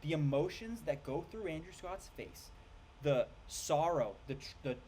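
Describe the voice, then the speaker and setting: Guy ranting about a movie, kinda high voice, rambly, swears, forgets names. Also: a little slow, slight background noise. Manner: rambling, restarts and stumbles over names; excitable, swearing. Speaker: film reviewer. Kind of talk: casual rant review.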